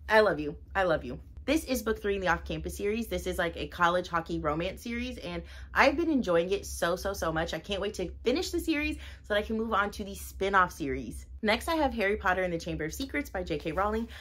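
A woman's voice: mid-range voice, lively intonation, quick pace, few pauses, fairly bright tone. A woman doing a casual reading wrap-up vlog, talking in a bubbly, gushing way and repeating words for emphasis. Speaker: book reviewer.

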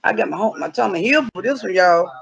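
Gravelly woman vlogging in a scare. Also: medium pitch, expressive, quick pace. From North Carolina. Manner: dramatic, fearful, shouting, slangy. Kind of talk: comic spooky outdoor vlog. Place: outdoors on a cold day. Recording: dull lo-fi phone audio.

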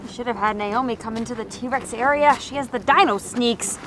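A woman playing a park ranger in a scripted kids' adventure video, with excitable, exaggerated exclamations. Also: fairly high pitch, a little fast, a little hiss or hum. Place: outdoor theme park. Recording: loud backing music throughout. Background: loud music.

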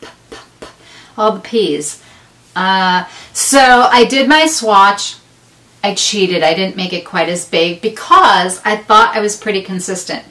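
A middle-aged woman hosts a knitting podcast, talking casually to camera in a rambling way full of self-deprecating asides. Her mid-range voice is bright and forceful, and she speaks slowly. The sound is roomy, with the mic placed far away and a bit off her.

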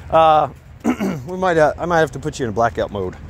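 A man's voice: a little high, sing-song, normal speed, gravelly, slight background noise. A man vlogging while walking his dog outdoors at night, telling a story in a rambling way with lots of fillers and restarts.

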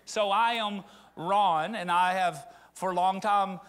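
A man's voice: sits high, steady tone, takes it slowly, a bit bright, clean tone. A middle-aged man from rural Arkansas, preaching a conversational sermon that rises into fervent appeals. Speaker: pastor.

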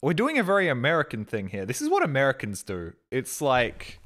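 A man's voice: mid-range voice, huge pitch swings, fairly quick, fairly bright tone. An Australian man streaming live, chatting casually with viewers, reading out chat and thanking subscribers in a rambling, joking way with plenty of swearing.

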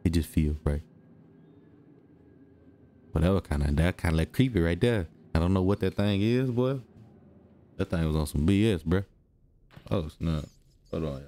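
Young gaming host: low, dark voice, jumpy, slangy let's-play chatter. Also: male voice, moderate pace, long pauses. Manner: excitable, slangy, talks to himself; drops to a hush when the game gets quiet.

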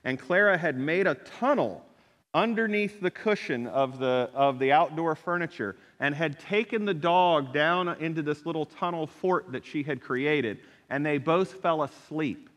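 A middle-aged man preaching a sermon, telling a personal story in an animated way and acting out the people he quotes. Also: on the high side, a little slow. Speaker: pastor. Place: church sanctuary. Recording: long hall reverb.

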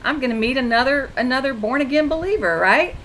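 A woman's voice: high-pitched, expressive, quick pace, a bit bright, a little hiss or hum, poor audio. A woman telling faith stories in a chatty monologue, acting out conversations and restarting her sentences often. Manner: chatty storytelling with frequent restarts and quoted dialogue. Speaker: Christian video blogger. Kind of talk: casual testimony monologue.

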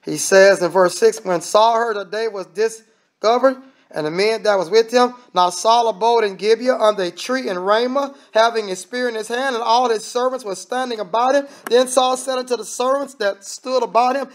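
A man's voice: very high-pitched, normal speed. A man preaching a sermon in a conversational, emphatic way, repeating phrases and adding asides to the congregation.

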